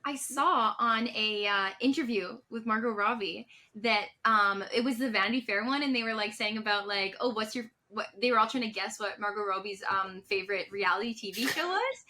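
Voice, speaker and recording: A woman's voice: medium pitch, normal speed, hardly any pauses, pushed and bright, slight background noise. A woman co-hosting a podcast in casual chat, telling stories with lots of filler words. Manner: chatty storyteller, lots of "like" fillers. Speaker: podcast co-host.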